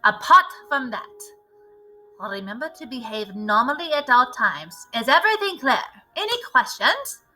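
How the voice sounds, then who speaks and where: Imperious witch queen, barking orders, bright and high, voiced by a woman. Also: very animated, normal speed, soft background music, full character voice, rough recording. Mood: commanding. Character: commanding, ruthless female witch leader.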